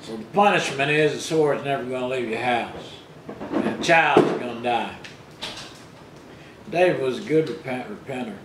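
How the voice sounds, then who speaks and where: A man preaching a sermon as pastor, retelling scripture in plain everyday speech and rising loud for the quoted rebukes. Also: medium pitch, normal speed, pauses often, roomy sound, very noisy.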